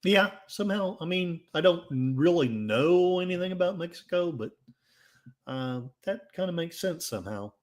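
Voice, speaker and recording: A man's voice: high-pitched, animated, moderate pace. Okie twang guy rambling thru his livestream chat, jokey, pokes fun at himself. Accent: Oklahoma. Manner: rambling, jokey and self-mocking. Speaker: livestream host. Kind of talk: casual livestream chat, reading comments.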